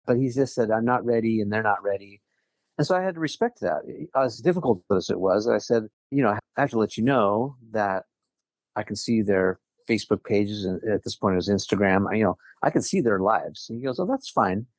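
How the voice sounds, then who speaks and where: A middle-aged man recounts a personal story in relaxed conversation. His voice sits on the lower side, and he talks earnestly, often restarting mid-sentence. The sound is dry and close. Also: fairly quick, no echo. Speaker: guest. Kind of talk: casual conversation.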